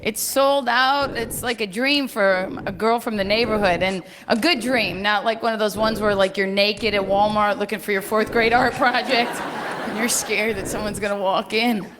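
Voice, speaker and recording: A woman comedian performing a stand-up set, telling brash, animated stories with shouted punchlines. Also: medium pitch, normal speed, crowd noise. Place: comedy club stage before a live audience. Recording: stage set with audience laughter and noise.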